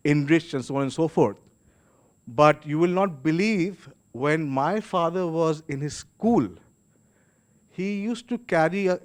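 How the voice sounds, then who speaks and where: Indian man hosting an event, chatty. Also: fairly high pitch. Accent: Indian English. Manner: chatty, warm-up remarks with many restarts and fillers. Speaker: host and moderator. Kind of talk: casual public speaking at an event. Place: event hall.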